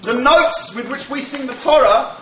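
A man's voice: very high voice, moderate pace, fairly bright tone. A man teaching the Torah to a live audience, joking and asking rhetorical questions. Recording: echoey hall, voice from far off.

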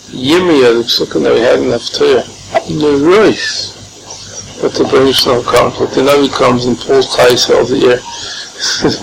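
A man giving an informal Torah class, animated, firing off rhetorical questions and often chuckling. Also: mid-range voice, a little slow, vocal fry. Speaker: Torah teacher. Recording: noisy background.

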